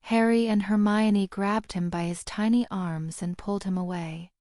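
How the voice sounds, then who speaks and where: A woman narrating a fan fiction audiobook in a steady, measured reading. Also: mid-range voice, no room sound, clean studio sound.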